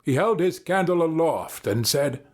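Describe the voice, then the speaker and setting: A man narrating a story in a steady, storybook manner. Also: fairly high pitch, unhurried. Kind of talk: scripted narration.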